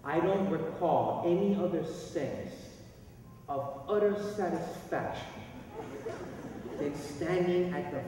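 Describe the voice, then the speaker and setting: Man preaching a sermon in a lively storytelling style, recorded from a distance in a big reverberant hall with faint room noise. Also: fairly high pitch, slow. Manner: animated storyteller, swinging between hushed asides and loud bursts. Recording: echoey hall recording from far off.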